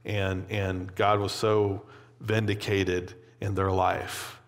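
A man preaching a sermon in a relaxed, conversational way, with plenty of casual fillers. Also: low-pitched, slow pace. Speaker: pastor. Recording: long hall reverb.

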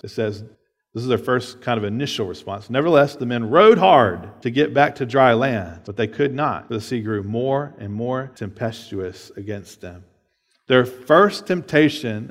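A man preaching a sermon in a casual, conversational way, often checking in with "right?" and laughing between points. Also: mid-range voice. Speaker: pastor. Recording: long hall reverb.

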